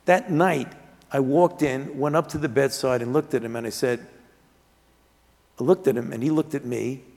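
An older man speaks with an earnest, measured manner and a gravelly edge, often circling back to restart a thought. He is a physician being interviewed on stage before an audience. His voice rings out with a long reverb in a large hall. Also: mid-range voice, a little mellow. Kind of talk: reflective storytelling in an interview.

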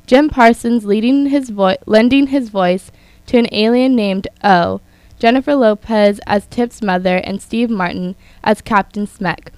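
A young woman hosts a radio entertainment news show, reading her scripted stories from notes in a chatty way and tossing in casual opinions. Her smooth, clean voice sits at a medium pitch with a darkish tone. The recording is close and dry, with no room sound at all.

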